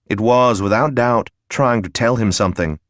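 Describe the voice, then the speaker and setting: A man narrating a fantasy audiobook in a steady, measured way. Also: medium pitch, no echo, clean studio sound. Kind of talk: scripted narration.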